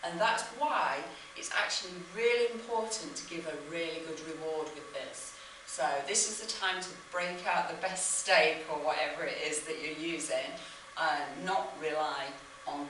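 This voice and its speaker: A woman dog trainer calmly explaining how to teach a dog to come when called. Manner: calm explaining, breaking into high excited praise for the dog. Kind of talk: instructional demonstration. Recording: echoey, distant mic with background noise.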